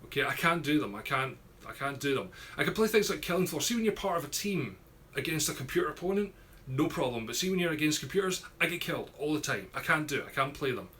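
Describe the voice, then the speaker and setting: A man's voice: on the high side, lively intonation, quick pace, sharp tone. A young Scottish man with an Ayrshire accent, chatting casually on a live stream and reading out viewer comments in a rambling, easygoing way. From Scotland. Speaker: YouTuber streaming a Q&A.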